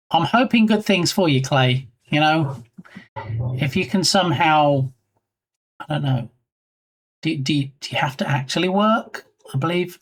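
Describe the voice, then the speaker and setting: A man streaming live and chatting casually with his viewers in a playful, teasing way. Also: fairly high pitch. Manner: playful, jokey, teasing chat.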